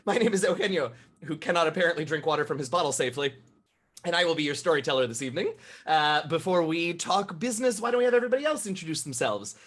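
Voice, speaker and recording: Lively man hosting a game stream. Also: a little high, quick pace. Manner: lively, self-mocking banter. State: coughing after choking on water. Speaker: game master. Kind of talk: livestream tabletop game hosting.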